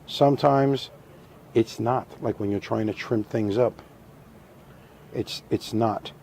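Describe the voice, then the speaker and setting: A middle-aged man teaching a hands-on craft, talking through each step in a calm, methodical way and repeating the key points. His voice is mellow and dark, with a dry, understated humor. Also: lowish voice, slow, vocal fry, slight background noise. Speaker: taxidermy instructor. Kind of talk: hands-on demonstration.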